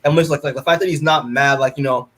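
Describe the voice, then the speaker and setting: A man co-hosting a podcast, recapping a comic in casual chat, rambling with lots of fillers and retelling scenes in an animated way. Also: mid-range voice, fast talker. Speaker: podcast co-host.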